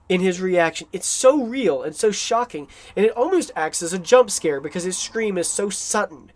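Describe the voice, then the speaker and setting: A film commentator rambles through a casual voice-over. The talk is enthusiastic and full of fillers and restarts. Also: medium pitch.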